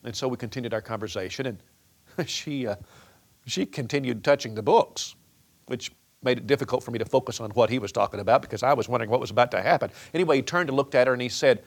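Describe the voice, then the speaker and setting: A man's voice: medium pitch, a little fast. A middle-aged man preaching a sermon-style talk on raising children, earnest, often repeating words as he restarts his sentences. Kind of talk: sermon-style teaching on parenting.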